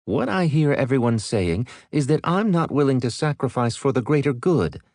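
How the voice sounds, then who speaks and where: A man's voice: medium pitch, animated, moderate pace, darkish tone, no room sound, studio quality, voice pushed up, lightly acted. A man voicing a stern woman naval commodore in an audiobook, formal and insistent. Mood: earnest.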